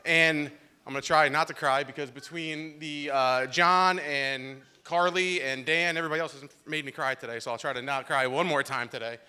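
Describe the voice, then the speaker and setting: A young man with a bright, crisp voice gives a loud, joking wedding toast into a handheld microphone. He tells stories with a slightly emotional edge at a reception hall. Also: fairly high pitch, steady tone, normal speed. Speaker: groomsman giving a toast.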